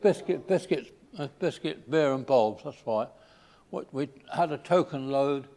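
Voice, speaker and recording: An older man from England giving an informal slide talk, pausing often with fillers and restarts. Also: mid-range voice, mellow. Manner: halting, with many fillers and restarts.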